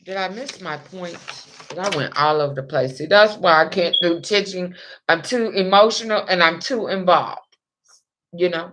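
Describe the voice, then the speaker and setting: A woman's voice: lowish voice, moderate pace, noisy background. A young adult woman telling a personal story in a rambling, emotional, profane way. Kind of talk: casual monologue.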